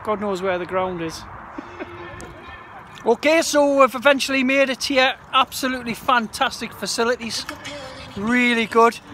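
A man, vlogging casually and excitably on the move through stations and trains, filming on a handheld camera. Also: very high voice, moderate pace, long pauses, low-quality recording. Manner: chatty, excitable, laughing often. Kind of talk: casual travel vlog. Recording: crowd and traffic noise around.

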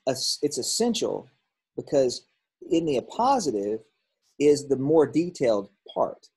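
A man teaches a grammar lesson, going through workbook answers aloud while thinking out loud and correcting himself along the way. His mid-range voice is slightly rough, and so is the recording.

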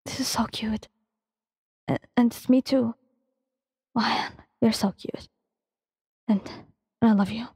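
A woman voicing a soft-hearted young male hero who blabbers tearfully. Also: fairly high pitch, brisk, slightly rough, dry recording, clean studio sound, long reverb tail. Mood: tearful whisper.

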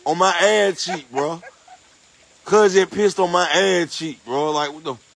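A man joking around with his partner at a pool at night, cursing and complaining loudly. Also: high-pitched, measured pace, gravelly, rough recording. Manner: profane, animated, indignant. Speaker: vlogger. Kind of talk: casual banter.

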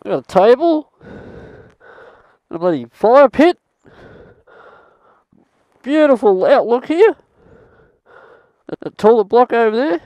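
A man's voice: very high voice, big pitch swings, takes it slowly, long pauses, darkish tone, dry recording. An Australian man vlogging outdoors in the bush, rambling and swearing mildly as he chats. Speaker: travel vlogger. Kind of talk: casual self-filmed chat.

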